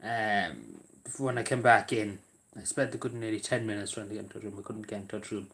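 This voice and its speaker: Male streamer, low-ish voice, hesitant and rambling, casual chat with viewers. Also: animated, fast, vocal fry, a bit bright, a little hiss or hum. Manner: rambling, hesitant, many fillers and restarts. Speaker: livestream host. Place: at home in a squeaky chair.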